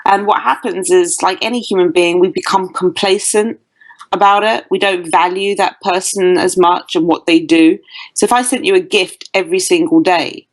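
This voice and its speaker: A woman's voice: lowish voice, steady tone, moderate pace, rough recording. A woman with a British accent, a dating coach guest on an interview podcast, talking bluntly and emphatically. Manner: emphatic, blunt advice-giving.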